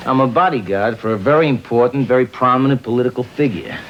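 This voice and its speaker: An actor playing a wisecracking, menacing gangster uncle with a New York accent, on a dull old film soundtrack. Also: male voice, medium pitch, quick pace, a little hiss or hum, close to an everyday voice. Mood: sly swagger. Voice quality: wisecracking, streetwise bravado. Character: swaggering tough-guy gangster uncle, menacing charm.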